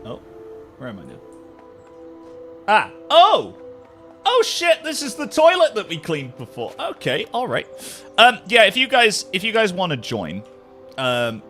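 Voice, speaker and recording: Lively, bright-voiced man streaming to chat. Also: on the high side, unhurried, faint music behind. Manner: animated, swears freely, laughs often. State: jet-lagged. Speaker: live streamer. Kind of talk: casual livestream chat with viewers.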